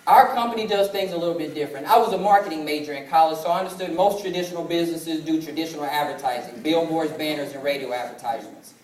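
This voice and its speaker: High-voiced young man presenting in an echoey hall. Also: fast talker, hardly any pauses, darkish tone, a little hiss or hum. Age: 20s. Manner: storytelling that acts out family dialogue. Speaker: sales presenter. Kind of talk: motivational business presentation. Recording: echoey hall from far off, faint ambience.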